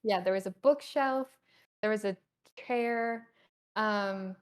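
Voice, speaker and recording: A woman running a casual tabletop game as game master, halting and giggly, with many fillers. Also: mid-range voice, clear, resonant tone.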